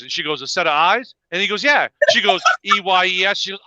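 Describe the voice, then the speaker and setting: A man chatting as a guest on a live call, telling stories in an animated way with many fillers, on muffled call audio. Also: high-pitched, fairly quick, no room sound. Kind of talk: casual chat.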